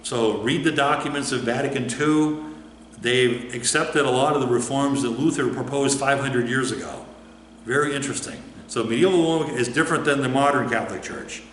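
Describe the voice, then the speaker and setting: A man of middle pitch, a pastor giving a casual history lecture. He keeps asking the room questions and answering them, with plenty of "uh" and repeated starts. His voice rings through a reverberant hall, with a faint background hiss. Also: normal speed, fairly bright tone. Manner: conversational, asks the audience questions and answers them; frequent fillers and repeated starts. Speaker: pastor teaching a history class. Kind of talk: informal slide-show lecture. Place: church hall or classroom. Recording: echoey hall, picked up from a distance.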